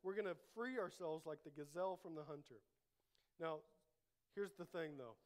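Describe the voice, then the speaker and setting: A man's voice: a little high, moderate pace. A man preaching a sermon as pastor, emphatic, repeating key phrases and leading the congregation to say them back. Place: church.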